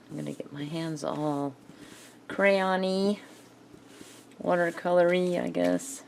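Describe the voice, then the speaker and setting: A woman's voice: fairly low pitch, measured pace, gravelly, a little mellow, slight background noise. A woman chatting casually to herself while she crafts, muttering and laughing often. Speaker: craft video maker.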